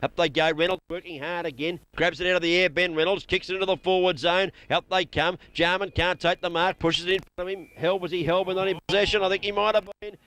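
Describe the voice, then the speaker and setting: A man with an Australian accent calling local football play by play, excitable and rapid. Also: sits high. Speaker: play-by-play commentator.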